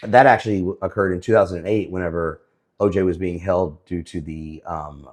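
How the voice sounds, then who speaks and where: A man giving casual, sarcastic commentary on the week's news, often pausing with fillers. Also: deep voice, steady tone, darkish tone. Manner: sarcastic, hesitant with many fillers.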